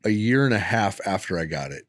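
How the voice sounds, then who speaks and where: Low-voiced veteran co-host with a very animated delivery and profane stories. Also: male voice, fairly quick, no room sound, studio quality. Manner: profane, lively. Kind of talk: casual chat.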